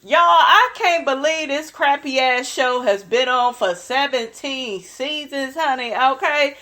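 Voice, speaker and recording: Young woman, high-pitched voice, sassy opinionated recap host, casual chatty delivery. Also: a little slow, sharp tone. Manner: sassy, opinionated, keeps saying "honey".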